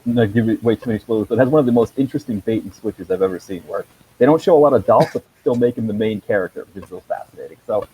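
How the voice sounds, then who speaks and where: A man's voice: fairly low pitch, quick pace, mellow, slight background noise, low-quality recording. A man on a video call chatting about his movie blog, rambling with many ums and chuckles. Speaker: movie blogger guest. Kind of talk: casual video call chat.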